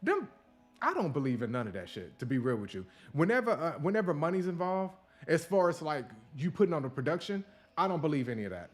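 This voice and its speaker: A man's voice: fairly high pitch, fast, faint music behind. Blunt, profane male podcast host. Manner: blunt, profane, animated rants. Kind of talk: casual opinion commentary.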